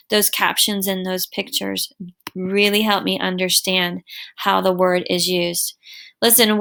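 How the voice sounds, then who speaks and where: A woman's voice: mid-range voice, creaky, bright, forceful tone. A woman teacher recording an online lesson for her students, talking in an encouraging, affectionate way and checking in with "right?" and "okay?".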